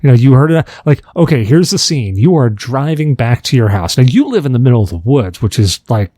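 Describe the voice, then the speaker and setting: A man hosting a casual podcast chat, telling jokey stories in an animated way. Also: mid-range voice, fairly quick, dry recording, clean studio sound. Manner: animated, joking storyteller. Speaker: podcast host.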